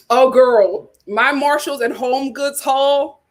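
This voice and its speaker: A woman hosting her own YouTube channel in a casual chat with her viewers, animated, and laughing often. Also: high-pitched, measured pace. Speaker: YouTube host.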